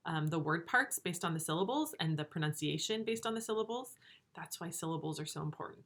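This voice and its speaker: A woman teacher giving a remote reading lesson to young pupils, slow and clear, encouraging. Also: fairly low pitch, bright, forceful tone. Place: home room with a whiteboard.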